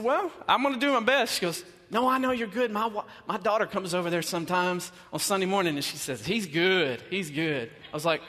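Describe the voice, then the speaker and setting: A man's voice: sits high, expressive, quick pace, few pauses, fairly bright tone. A man giving a chatty sermon, telling a self-deprecating story before he turns to teaching. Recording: long reverb of a church hall.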